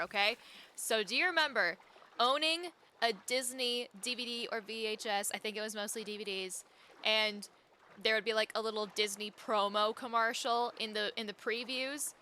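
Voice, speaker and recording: A young woman with a light Wisconsin Midwestern accent, talking to her chat in a chatty, excitable way and breaking into laughs. Her voice sits a little high and sounds bright and sharp. It is picked up close on a streaming mic. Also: a little hiss or hum. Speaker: game streamer. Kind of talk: casual live-stream chat while playing.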